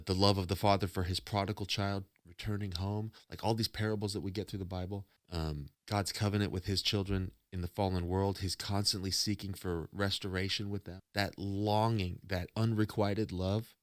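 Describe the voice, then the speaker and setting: A man's voice: low-pitched, flat delivery, brisk, few pauses, no echo, clean studio sound. A man hosting a casual reaction stream, rambling and preachy as he philosophizes about love and faith. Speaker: streamer host.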